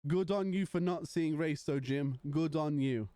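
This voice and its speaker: A man's voice: on the high side, a little slow, warm tone, no echo. A young man streaming live, chatting casually and joking with his viewers. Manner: playful, joking banter with chat.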